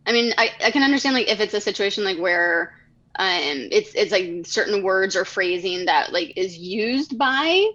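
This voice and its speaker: A woman's voice: medium pitch, animated, moderate pace, a bit bright. A woman in casual chat, her speech full of "like" fillers. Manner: heavy use of "like" fillers. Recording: dull lo-fi audio.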